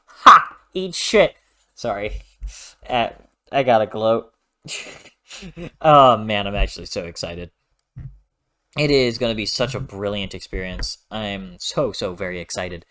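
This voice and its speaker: A man hosting a casual book vlog, talking in a playful, animated, rambling way, often correcting himself and clearing his throat. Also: medium pitch. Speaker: book reviewer, channel host.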